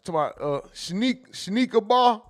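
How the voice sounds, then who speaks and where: Animated high-voiced man hosting a live stream. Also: slow. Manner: animated, loud bursts, mimics people in quotes, laughs. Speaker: live stream host reading chat. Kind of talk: casual live stream commentary.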